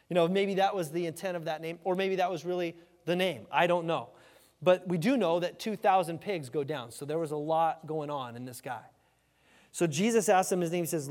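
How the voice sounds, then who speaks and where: A male pastor preaching a sermon in an animated way, often repeating words and asking the congregation for an amen. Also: on the high side, fairly quick. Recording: reverberant hall.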